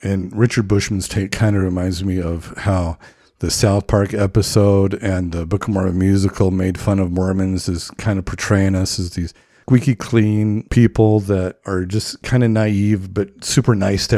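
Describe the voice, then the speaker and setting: A man's voice: low-pitched, fairly even intonation, moderate pace, mellow, no echo, clean studio sound. A man speaking in an earnest, encouraging way about faith, like a reflective podcast talk.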